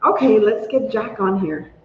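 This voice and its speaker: Hosting a crafting livestream, a chatty woman talks as she works at a moderate pace, squealing high whenever something delights her. Her voice rings long after each phrase in a roomy space, and the recording is a bit dull and lo-fi with a faint hum underneath.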